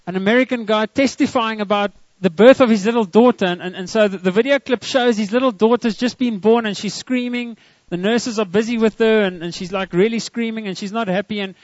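A man's voice: high voice, dry recording, lo-fi sound. A man preaching a sermon to a church congregation, earnest and often repeating words as he starts a line. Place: church service.

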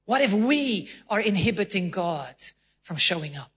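South African pastor, male, high bright voice, emphatic sermon delivery with playful acted voices. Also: sing-song, moderate pace, slightly rough. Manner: emphatic preacher, acts out voices and laughs.

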